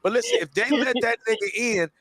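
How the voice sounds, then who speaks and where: A man's voice: very high-pitched, animated, a little fast, a bit bright, dry recording. A man hosting a podcast, ranting in a profane, emphatic way and repeating himself to hold the floor. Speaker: show host. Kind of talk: casual podcast rant.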